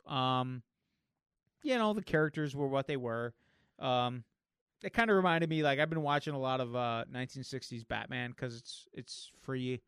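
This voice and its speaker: A man's voice: mid-range voice, clear, resonant tone, no room sound, clean studio sound. A man cohosting a podcast, chatting casually and rambling with lots of fillers. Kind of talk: casual chat.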